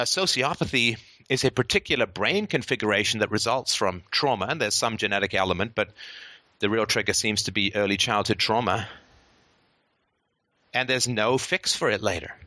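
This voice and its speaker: A man's voice: mid-range voice, sharp tone, no echo. A male host of a philosophy show, delivering an impassioned monologue with a profane, sarcastic ranting manner.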